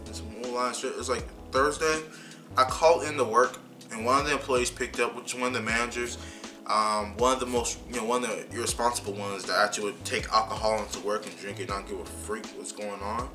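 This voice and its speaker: A young man vlogger telling a heated, animated story about being fired, often repeating himself. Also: mid-range voice, a little fast, music in the background. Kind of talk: casual storytime rant.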